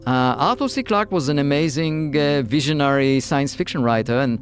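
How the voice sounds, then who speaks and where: Halting man physicist in interview. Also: mid-range voice, animated, soft background music. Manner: hesitant, many fillers and restarts. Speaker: physicist guest. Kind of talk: interview conversation.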